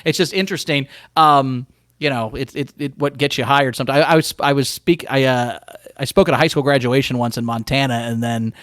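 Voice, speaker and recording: A man co-hosting a comedy podcast, telling stories in an animated, profane, casual way. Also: mid-range voice, fairly quick, no echo, studio quality.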